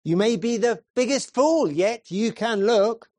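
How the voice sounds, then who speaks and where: A man's voice: extremely high pitch, lively intonation, a little slow, a little mellow, no echo, clean studio sound, voice pushed up, full character voice. A man voicing a poor, plain-spoken lay preacher who fervently repeats his simple appeal. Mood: earnest, plain. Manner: pleading, insistent repetition.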